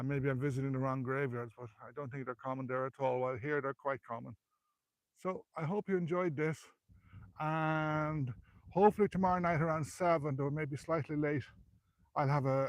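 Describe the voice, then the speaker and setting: A man's voice: medium pitch, steady tone, brisk, no echo. Breathless Irish man guiding a walk. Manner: chatty, rambling, self-correcting. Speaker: local history guide. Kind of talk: live walking history vlog. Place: outdoors on a hillside graveyard. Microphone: handheld phone while climbing.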